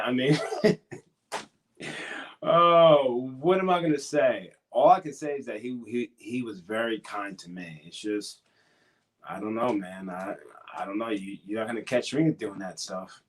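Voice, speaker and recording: A man's voice: mid-range voice, normal speed. A man who wrestles professionally, answering questions in a casual interview, earnest and a bit hesitant, encouraging at times.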